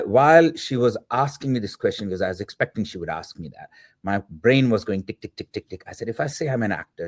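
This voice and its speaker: A man in his fifties, a filmmaker guest, telling a personal story and acting out the dialogue as he goes, with the odd filler word. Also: fairly low pitch. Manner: acts out quoted dialogue in the telling; reflective, with filler words. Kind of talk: anecdotal storytelling.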